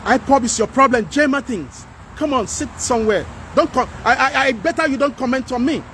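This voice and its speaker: A man with a Nigerian accent hosting a livestream, talking to viewers and reading their comments in an animated, pleading way. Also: very high voice, a little fast, slight background noise. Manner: animated, pleading, mixes in Pidgin. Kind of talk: casual livestream talk.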